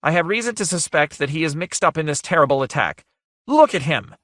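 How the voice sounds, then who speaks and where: A man's voice: lively intonation, fairly quick, fairly bright tone, no echo, clean studio sound. A man voicing a grating, furious society matron. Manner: shrill and scolding. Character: grating, furious middle-aged league president woman.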